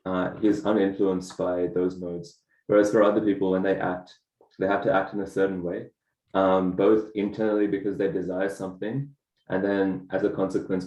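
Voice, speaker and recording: A male student with a very deep, flat, dark voice answers in class, sounding roomy and echoey. He explains thoughtfully after a few hesitant starts. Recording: echoey room.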